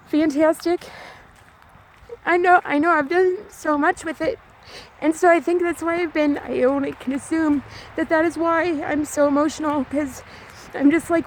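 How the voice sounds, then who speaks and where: A woman vlogging outdoors on a trail, talking in a rambling, repetitive, fast way while she walks. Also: high-pitched, steady tone, slight background noise. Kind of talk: rambling walk-and-talk vlog.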